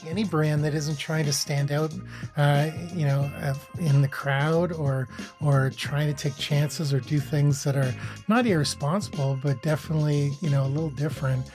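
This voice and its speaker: A man's voice: fairly high pitch, steady tone, moderate pace, darkish tone, soft background music. A man talking as a guest in a casual interview, loose and talkative, with many fillers and restarts. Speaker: agency founder and guest.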